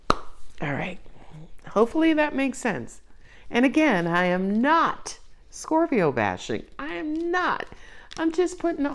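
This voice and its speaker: A woman giving a casual tarot reading to her viewers, expressive and playful, coaxing them and laughing often. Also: on the high side. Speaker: tarot reader.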